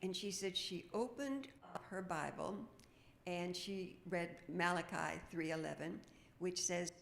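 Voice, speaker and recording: A woman minister giving a sermon in a church, chatty and storytelling, with quick asides. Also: on the low side, vocal fry, reverberant, slight background noise. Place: church sanctuary. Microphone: microphone with feedback.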